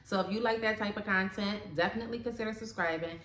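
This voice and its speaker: A woman's voice: mid-range voice, fast talker, a bit bright, roomy sound, slight background noise. A woman vlogger, a mother in her thirties, chatting earnestly and emotionally to her viewers, saying "y'all" often. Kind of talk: casual vlog chat.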